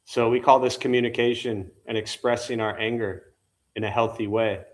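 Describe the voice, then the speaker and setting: In a temple meditation hall, a male meditation teacher gives an informal dharma talk. His mid-range voice is steady in tone and moves at normal speed, and he keeps things conversational, often questioning his listeners.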